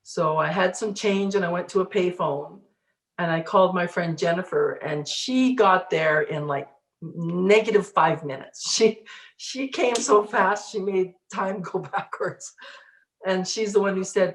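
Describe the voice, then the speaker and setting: A middle-aged woman speaks in a lowish voice, recounting her life in a relaxed interview. She tells it with animation, often laughing and acting out the inner voices she heard. The room around her is noticeably echoey. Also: unhurried. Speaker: interviewee, spiritual teacher. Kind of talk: casual storytelling interview.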